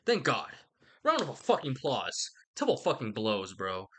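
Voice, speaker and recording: A man's voice: medium pitch, huge pitch swings, moderate pace, a bit bright, a little hiss or hum. A man giving a rambling, sweary comic retelling with lots of asides. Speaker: vlogger.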